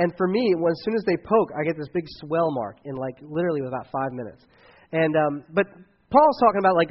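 A man preaching a sermon in a relaxed, chatty way, his voice sitting a little high for a man. He slips in offhand asides between points. The recording sounds a bit dull and lo-fi. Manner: casual, conversational preaching with asides. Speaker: pastor.

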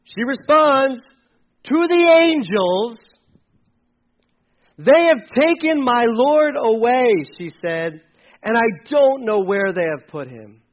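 A man preaching a casual sermon, acting out quotes with sudden loud bursts and quiet drops. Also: extremely high pitch, expressive, slow, lo-fi sound. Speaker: pastor.

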